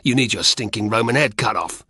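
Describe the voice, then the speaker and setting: A man doing a scornful, mocking Gaul fighter who sneers and grumbles in a low, slightly husky voice. The audiobook sound is dry and close. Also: a little fast, sharp tone, dry recording. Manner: scornful, jeering.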